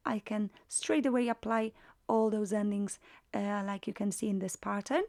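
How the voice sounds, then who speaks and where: A woman's voice: medium pitch, fairly even intonation, moderate pace, creaky, a little mellow. A woman teaching a language lesson, patiently repeating and drilling each word form. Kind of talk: slow explanatory lesson.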